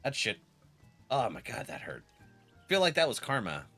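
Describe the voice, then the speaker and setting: A man's voice: mid-range voice, huge pitch swings, moderate pace, gravelly, sharp tone, slightly rough, soft background music. A man streaming a game and chatting casually, laughing often and acting out his friends' lines, while getting over a cold. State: has a cold. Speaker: gaming streamer.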